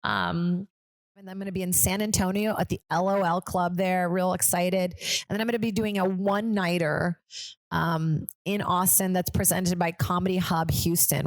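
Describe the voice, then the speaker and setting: Podcast host and comedian, woman in her thirties, rambly casual chat, lowish voice, dry close sound. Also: no echo. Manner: rambling and chatty, drops into quoted voices.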